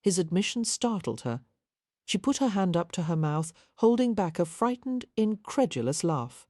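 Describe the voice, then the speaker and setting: A woman with a low, mellow voice narrates a historical romance in soft, measured storytelling. The recording is dry and close. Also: very animated, dry recording. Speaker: audiobook narrator. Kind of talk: scripted narration.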